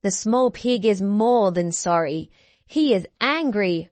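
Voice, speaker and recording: A woman reads a picture book aloud for small children, unhurried and clear. Her voice sits at a middle pitch, and she lifts it a little for the characters' lines. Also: animated, darkish tone, no room sound. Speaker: preschool teacher reading aloud. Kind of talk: children's read-along.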